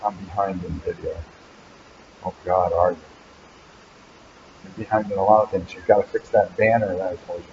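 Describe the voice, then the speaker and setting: A man's voice: sits low, fairly even intonation, moderate pace, long pauses, lo-fi sound, noisy background. A man hosting a casual live Q&A from an animal hospital waiting room, teasing and rambling about his helper. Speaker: channel host.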